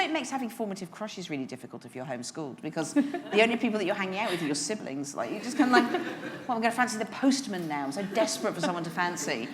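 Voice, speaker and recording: A woman's voice: low voice, long reverb tail. A woman around fifty, a guest author on stage at a lunch event, chatting candidly and laughing often. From England, West Midlands. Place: large hotel function room.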